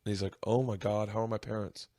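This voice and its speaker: A man's voice: flat delivery, fast, warm tone, no room sound, studio quality. Man telling a story that chokes him up. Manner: emotional, voice rising high as he tears up. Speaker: podcast host. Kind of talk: storytelling in casual podcast chat.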